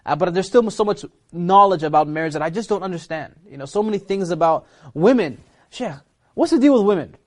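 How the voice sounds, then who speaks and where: A man's voice: sits high, fairly quick. A man hosting a casual interview, upbeat and chatty, laughing easily. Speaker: show host.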